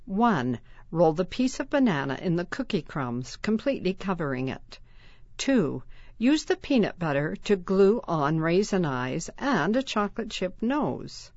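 A woman reads aloud for young children, unhurried and with a lot of lift and fall in her voice. Her voice sits on the low side. The recording is dull and dry, with no room around it. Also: dry recording. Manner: slow, expressive reading with lively sound words. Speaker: reader of a children's magazine. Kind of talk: read-aloud narration for children.

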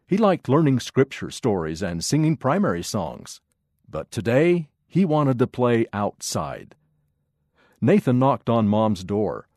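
A man narrating a children's story in an expressive, measured way. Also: medium pitch, no room sound, clean studio sound.

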